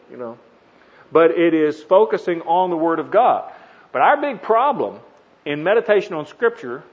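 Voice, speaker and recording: A man preaching a teaching sermon, earnest, leaning hard on single words for emphasis. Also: on the high side. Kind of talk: teaching sermon on Bible meditation. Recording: dull lo-fi recording.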